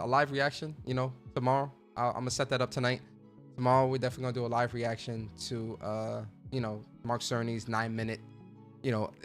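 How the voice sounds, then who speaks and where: Man, gaming podcast host, casual rant, cursing, stammers and repeats, crisp bright tone, faint music behind. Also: medium pitch. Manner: profane, emphatic, stammering repeats.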